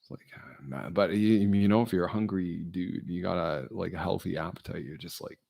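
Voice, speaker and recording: Middle-aged man, gravelly low voice, slow and rambling self-deprecating vlog monologue. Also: warm tone. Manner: meandering, self-deprecating, full of fillers. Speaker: vlogger. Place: indoors, alone.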